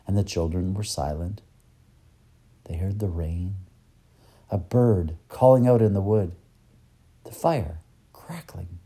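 A man narrating a children's story aloud, in an expressive read-aloud manner. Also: deep voice, slow, long pauses.

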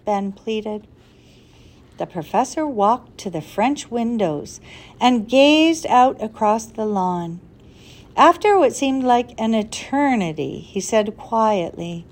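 A woman narrating a children's storybook in a calm, expressive way. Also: mid-range voice, slow pace. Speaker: audiobook narrator.

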